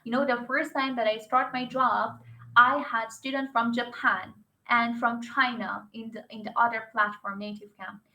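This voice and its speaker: Young woman teacher chatting away, kinda high bright voice, lively and talky. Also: moderate pace, low-quality recording. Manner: animated, chatty, non-native phrasing. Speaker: English teacher. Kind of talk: casual chat.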